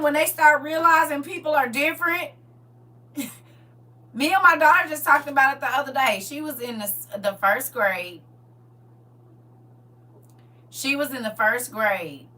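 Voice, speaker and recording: A livestream host with a bright voice laughs her way through casual stories, talking directly to her viewers in an animated, colloquial manner. Her voice sits high, her pace is a little slow and she leaves long pauses. A distant mic picks her up with a faint hum.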